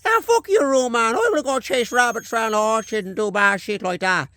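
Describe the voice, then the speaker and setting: A man voicing a small, hyper male Irish dog that is cheeky, foul-mouthed and squeaky. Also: a little fast, pushed and bright, dry recording. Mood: defiant. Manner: squeaky, cocky, swearing.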